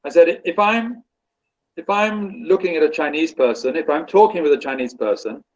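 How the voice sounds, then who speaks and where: A British man tutoring English on a video call, talking in a relaxed way and repeating phrases while he thinks. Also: fairly high pitch, normal speed, lo-fi sound. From Britain. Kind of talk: casual conversation on a video call.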